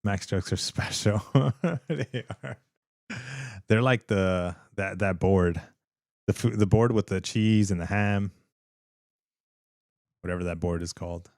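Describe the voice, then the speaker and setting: A man's voice: low-pitched, takes it slowly, long pauses, a little mellow, no echo, studio quality. A man from California hosting a casual livestream from his home setup, rambling with lots of fillers and restarts and laughing easily. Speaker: livestream host.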